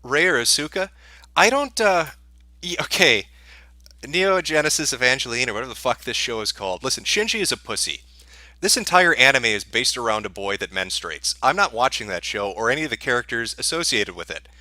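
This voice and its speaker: A man's voice: medium pitch, big pitch swings, a little fast, bright, forceful tone, no room sound. A man answering viewer questions on a livestream in a sarcastic, profane, dismissive rant.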